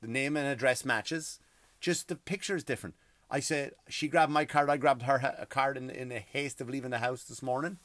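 A middle-aged host ranting about everyday hassles in an exasperated, profane, emphatic way. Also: male voice, medium pitch, expressive, brisk, a bit bright, dry recording. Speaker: podcast host. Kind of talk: comedic rant.

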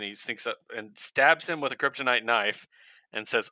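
Man, podcast co-host, casual comics recap, animated, acts out lines, very bright tone, dry close sound. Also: lowish voice, moderate pace, dry recording, rough recording. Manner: animated storyteller, acts out character lines with laughs.

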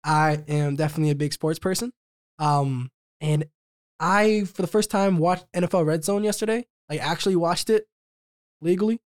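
A man's voice: a little high, moderate pace. A young man co-hosting a podcast in casual, upbeat chat, laughing often. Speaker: podcast co-host.

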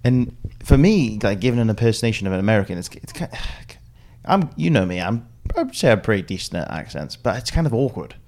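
Low-voiced rambling podcast host. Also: male voice, big pitch swings, fairly quick, darkish tone. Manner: rambling, repeats words, laughs often. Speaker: podcast host, golf caddie. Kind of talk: casual chat.

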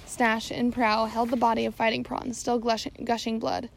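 A woman's voice: a little high, flat delivery, moderate pace, gravelly. A woman narrating an audiobook chapter, reading steadily with occasional slips and self-corrections. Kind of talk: scripted narration.

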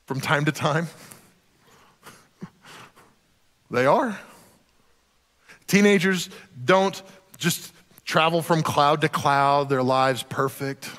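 A man's voice: on the high side, slow pace, pauses often, fairly bright tone. A man preaching a sermon as a pastor, conversational and joking, sometimes acting out quoted voices. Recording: long hall reverb.

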